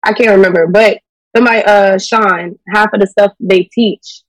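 A woman speaks in a relaxed, opinionated way, often adding "you know" as she talks. Her mic sits a bit away from her, yet the sound stays dry. The talk is loose, casual conversation. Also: mid-range voice, moderate pace, no room sound, far from the mic, poor audio. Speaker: podcast co-host. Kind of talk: casual chat.

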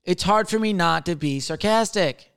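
A man's voice: sits high, normal speed, vocal fry, fairly bright tone, smooth. A man in his thirties chatting casually on his own, sarcastic and crude, mocking himself as he tells stories. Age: 30s. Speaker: server, solo podcaster. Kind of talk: casual solo chat answering question cards.

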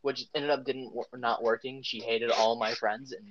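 A man's voice: medium pitch, little pitch movement, normal speed, over a noisy crowd. A young man co-hosting a podcast, telling a personal story in a rambling way, full of "like" and restarts. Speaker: podcast co-host. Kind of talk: casual storytelling. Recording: dull lo-fi podcast audio.

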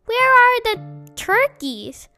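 A woman's voice: big pitch swings, slow pace, bright, forceful tone, soft background music, heavily acted. A woman doing an eager little fox cub. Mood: excited. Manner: eager, high-pitched. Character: excited little boy fox.

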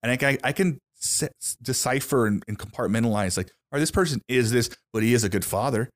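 Fast-talking young man hosting a podcast. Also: mid-range voice. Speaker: podcast host. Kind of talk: casual podcast conversation.

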